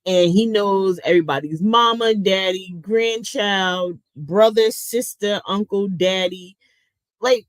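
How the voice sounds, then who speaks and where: Blunt, profane woman on a slow livestream. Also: mid-range voice, animated, dry recording, poor audio. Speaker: livestream commentary host. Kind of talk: casual livestream commentary, reading chat.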